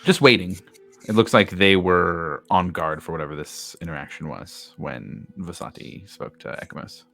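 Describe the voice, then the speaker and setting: A man's voice: sits low, moderate pace, creaky, a bit bright. A man narrating a tabletop game as the game master, in a laid-back way with fillers.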